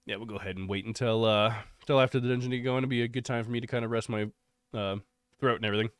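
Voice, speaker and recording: A man's voice: mid-range voice, rapid-fire, clear, resonant tone, dry recording, studio quality. A young adult male streamer chatting casually with his viewers, with a nasal, congested voice from a cough. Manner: relaxed, rambling, thankful. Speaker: live streamer. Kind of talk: casual chat with chat.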